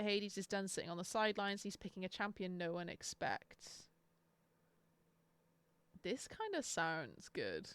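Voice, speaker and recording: Young woman, bright crisp voice, dry close sound, sarcastic casual stream chat. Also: mid-range voice, no echo. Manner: chatty, sarcastic, swears freely. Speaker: book streamer.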